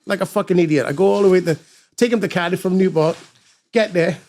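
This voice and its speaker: A man's voice: high voice, fast, a little mellow. A middle-aged man, telling a story as a guest in a casual interview, swearing freely and acting out the voices of the people he quotes. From Wales. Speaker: guest musician.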